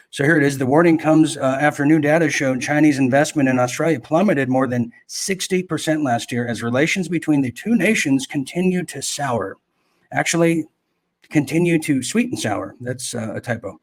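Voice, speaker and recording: A man's voice: mid-range voice, moderate pace. A man hosting a live political commentary show, rambling through stories with mocking asides and self-corrections.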